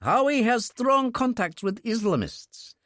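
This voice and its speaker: A man's voice: very high-pitched, big pitch swings, measured pace, a bit bright, no echo, clean studio sound, pitched above the performer's own voice, heavily acted. A man reading an audiobook, voicing an anxious, apologetic friend in a raised, pleading tone. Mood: agitated. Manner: pleading, agitated.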